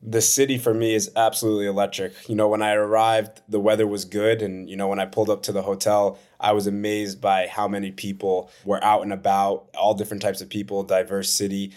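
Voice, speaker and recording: A man's voice: on the low side, flat delivery, fairly quick, few pauses, a little mellow. A man, a footballer answering interview questions in an earnest, reflective way. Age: 20s. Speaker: professional footballer, guest.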